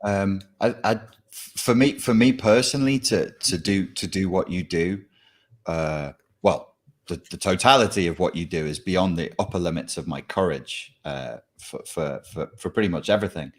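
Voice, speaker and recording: A man who writes and coaches, talking in a halting way with frequent restarts in a casual conversation. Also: deep voice. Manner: halting, restarts words often. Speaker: author and trauma coach.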